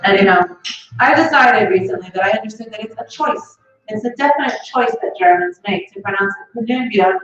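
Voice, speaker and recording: Colombian woman doing stand-up, echoey and distant. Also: a little high. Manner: animated, laughing at her own jokes, drawn-out emphasis. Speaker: stand-up comedian opening an open mic. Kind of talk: stand-up comedy set. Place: stage at a comedy club. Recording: echoey distant room sound, dull lo-fi.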